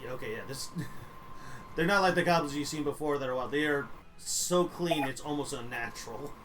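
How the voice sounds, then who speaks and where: A man's voice: medium pitch, moderate pace, fairly bright tone, a little hiss or hum, poor audio. A young man narrating as game master for a streamed tabletop game, rambling with many fillers and casual swearing.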